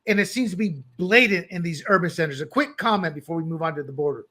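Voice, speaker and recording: A man co-hosting a political talk show, opinionated and animated, breaking into loud mocking quotes. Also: a little high, fast talker. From born abroad, country once under dictators. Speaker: podcast co-host.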